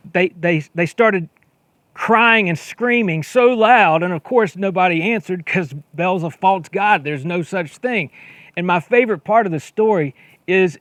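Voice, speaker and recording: A man preaching a sermon as pastor, reading scripture aloud and retelling it in a conversational way, repeating words as he gets excited and acting out quoted lines. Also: high voice, no room sound. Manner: acts out quoted lines with a raised voice.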